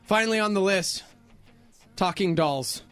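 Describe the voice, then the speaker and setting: A man hosting a radio show, chatting casually and telling stories with animated acted-out voices. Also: high-pitched, a little slow, clear, resonant tone, soft background music. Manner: animated storyteller, acts out voices. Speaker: radio host.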